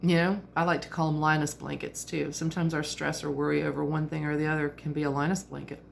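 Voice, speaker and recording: A woman in her fifties talks to camera in a chatty, reflective way. Her voice sits low with a gravelly edge, and a faint hiss of noise runs behind her. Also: level tone, fast talker. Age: 50s. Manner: chatty and reflective, with frequent fillers and laughs. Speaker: vlogger. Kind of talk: casual reflective monologue.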